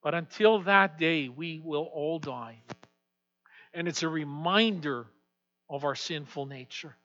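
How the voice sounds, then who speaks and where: A man preaching a sermon as pastor, swinging from hushed, quiet passages to loud, emphatic declarations. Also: on the high side, slow pace. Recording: dull lo-fi sound with long hall reverb.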